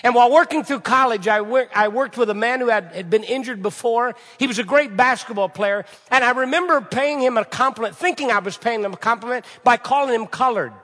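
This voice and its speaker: A man's voice: very high-pitched, fairly quick, hardly any pauses, sharp tone. A man preaching a sermon to a congregation, asking rhetorical questions and repeating phrases for emphasis. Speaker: pastor. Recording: reverberant hall.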